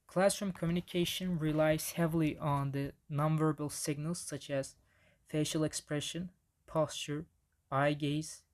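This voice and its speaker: A man's voice: a little high, darkish tone. Man giving a casual slide lecture. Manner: casual, frequent restarts and fillers.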